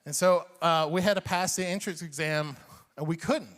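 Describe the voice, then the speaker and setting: Brief: male stand-up comic in his forties from Iran, lively and high-pitched, long hall reverb. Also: moderate pace. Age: 40s. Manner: animated, chuckles at own jokes. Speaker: comedian. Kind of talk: stand-up comedy.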